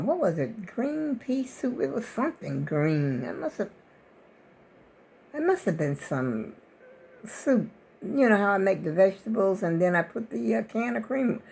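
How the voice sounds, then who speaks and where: An older woman vlogger, rambling in casual chat to her viewers. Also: mid-range voice. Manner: rambling, chatty, talks to viewers as y'all.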